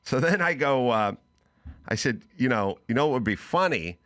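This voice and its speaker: A middle-aged man hosting a talk show tells a casual story, animatedly acting out both sides of a phone call in quoted bits. He's a podcast host with a mid-range voice and a moderate pace.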